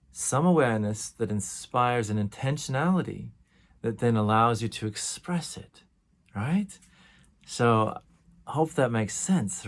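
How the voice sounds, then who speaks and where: A middle-aged man with a fairly low voice teaches a sound healing course. He talks in a relaxed, conversational way and sometimes demonstrates sighs and sung tones as he explains.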